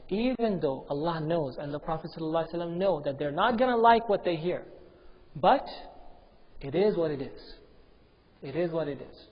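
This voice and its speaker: A man giving a Quranic commentary lecture in a mosque, emphatic and repeating key phrases, chanting Arabic verses between explanations. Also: fairly high pitch. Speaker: religious teacher. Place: mosque prayer hall. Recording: dull lo-fi with long hall reverb.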